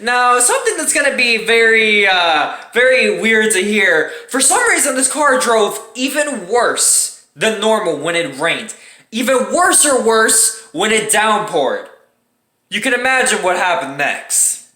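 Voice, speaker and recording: Woman YouTuber, mid-pitched, animated and profane storytime, roomy echo. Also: a little slow. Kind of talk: casual storytime vlog. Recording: roomy echoing room.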